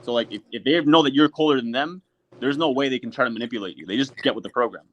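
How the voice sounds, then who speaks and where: A man's voice: medium pitch, fast talker, fairly bright tone, slight background noise. A man in his twenties hosting a casual online group chat, blunt and profane, full of filler words.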